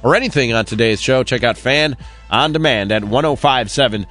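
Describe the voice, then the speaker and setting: A man hosting a sports radio talk show, animated and quick to laugh and tease his co-hosts. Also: mid-range voice, soft background music. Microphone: studio microphone.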